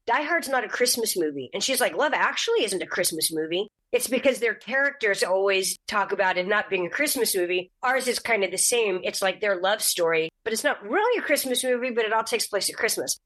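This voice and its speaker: This middle-aged actress, appearing as a podcast guest, shares anecdotes in relaxed conversation. Her delivery is animated, and she switches to high-pitched voices for quotations.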